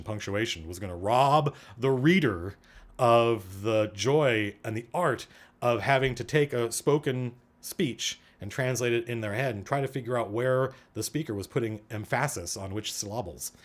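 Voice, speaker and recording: A man hosting a livestream, chatting casually and digressively as he answers questions from chat. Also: lowish voice. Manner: animated, digressive, thinking aloud.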